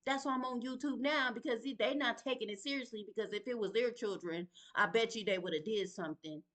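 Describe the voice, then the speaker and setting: A woman's voice: fairly high pitch, fast. Heated, confrontational woman venting. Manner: heated, confrontational, speaks to absent people; Southern vernacular, sighs and breathes to calm down. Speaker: mother venting on a video. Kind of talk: emotional direct-to-camera vlog.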